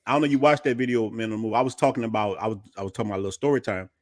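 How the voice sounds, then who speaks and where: A man's voice: on the low side, racing, no echo. Storytelling man, very dry sound. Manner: animated storyteller, slangy. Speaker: podcast host. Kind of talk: casual podcast chat, storytelling.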